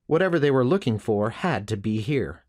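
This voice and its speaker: With a medium-pitched voice, a man reads an audiobook aloud in the first person. The reading stays steady and measured.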